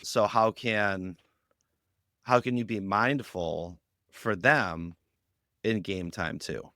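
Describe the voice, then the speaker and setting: A man with a smooth, resonant voice talks as a podcast guest, building points through stories and slipping into quick quoted voices. The sound is dry and close, with no room around it. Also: fairly low pitch, no echo. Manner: animated storytelling, acts out quoted lines. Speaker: guest on a youth ministry podcast. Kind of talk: conversational podcast interview.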